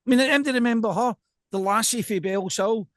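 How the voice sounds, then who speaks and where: A man with a West of Scotland accent, co-hosting a casual podcast chat in an animated, jokey way. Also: high-pitched, a little fast, no room sound, studio quality. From Scotland, South Lanarkshire. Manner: animated, jokey, throws in mimicked voices. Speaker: podcast co-host.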